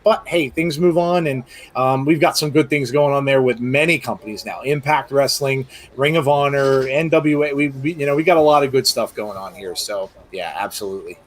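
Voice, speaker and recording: A man co-hosting a live wrestling podcast, reading viewer questions in a casual, chatty way with many fillers and restarts. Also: mid-range voice.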